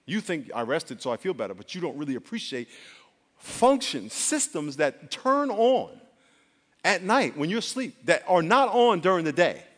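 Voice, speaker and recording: A man preaching a sermon as pastor, animated and leading call-and-response with the congregation. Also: a little high, normal speed. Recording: long hall reverb.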